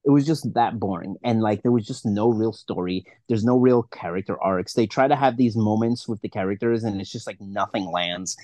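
A man's voice: fairly low pitch, normal speed, hardly any pauses, mellow, dry recording. Profane ranting man, dry sound. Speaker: podcast co-host. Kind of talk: casual movie review chat.

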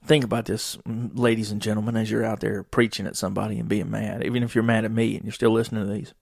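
A man's voice: lowish voice, level tone, fast talker, creaky, no room sound, studio quality. A middle-aged man, hosting a podcast and telling wry, profane stories in a rambling way. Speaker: podcast host. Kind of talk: casual solo podcast monologue.

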